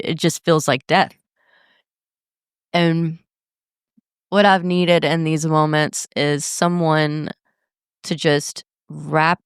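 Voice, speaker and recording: A woman's voice: sits low, smooth, no echo, studio quality. A young woman hosting a podcast, talking in a candid, blunt way and swearing freely in a casual monologue. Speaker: podcast host.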